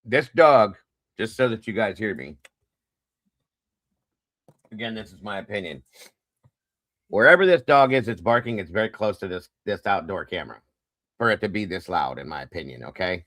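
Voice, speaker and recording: Blunt and profane, this livestream host runs a casual true-crime stream, repeatedly insisting it's just his opinion. His fairly low, expressive, slightly bright male voice moves at a moderate pace with long pauses, recorded with no echo.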